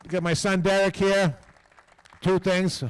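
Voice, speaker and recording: A man's voice: high-pitched, flat delivery, takes it slowly, clear, resonant tone. Older New man, casual rambling speaker, fond and folksy at a ceremony podium. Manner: rambling, folksy, repeats "okay?" and phrases. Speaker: team owner speaking at a hall of fame ceremony. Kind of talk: casual off-the-cuff speech.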